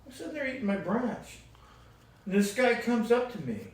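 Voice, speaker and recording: Rambling, animated man in an echoey room. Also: extremely high pitch, normal speed. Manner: rambling, animated, swings between loud and soft. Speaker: guitar player giving advice. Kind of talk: casual storytelling chat. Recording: very echoey room, distant mic, faint noise.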